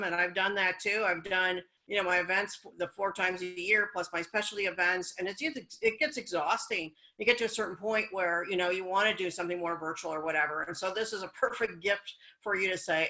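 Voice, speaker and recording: A woman guest talks casually on a business podcast. Her voice is bright and forceful, and her delivery is chatty, frank and encouraging. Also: fairly low pitch, fairly even intonation, quick pace, few pauses, poor audio.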